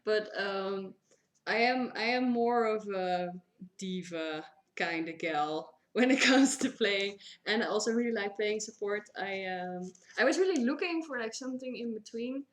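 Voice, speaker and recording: A woman's voice: mid-range voice, animated, measured pace, reverberant. A woman from the Netherlands with a Dutch accent, chatting casually on a cosplay stream, rambling with lots of fillers and restarts.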